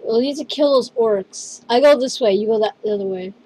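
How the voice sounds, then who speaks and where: A woman hosting a casual gameplay video, excitable and rambling, calling her teammate "dude" again and again. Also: fairly high pitch, a little fast, a little hiss or hum, rough recording.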